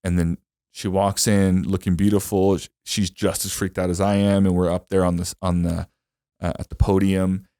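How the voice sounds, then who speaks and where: Male podcast co-host, low voice, dry close sound, casual emotional storyteller. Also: flat delivery, normal speed, dark tone, smooth, no room sound. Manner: emotional storytelling with lots of fillers. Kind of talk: casual chat.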